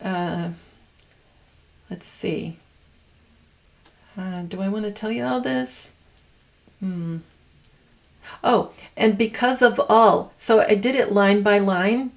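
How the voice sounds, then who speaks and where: Rambling creaky-voiced woman. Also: medium pitch, slow, pauses often. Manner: rambling, stops to correct herself, stresses key words. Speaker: channel host. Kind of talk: casual monologue decoding numbers.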